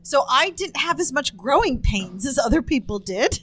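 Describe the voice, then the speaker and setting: A woman's voice: sits high, very animated, normal speed, fairly bright tone. A woman in her fifties co-hosting a podcast, explaining topics earnestly with a dryly playful streak. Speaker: podcast co-host. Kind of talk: casual chat.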